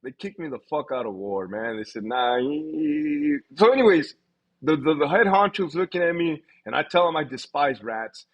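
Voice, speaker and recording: A man's voice: on the high side, moderate pace. A man telling a story on a live stream, swearing freely and laughing often. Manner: animated, profane, laughs often. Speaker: livestream host.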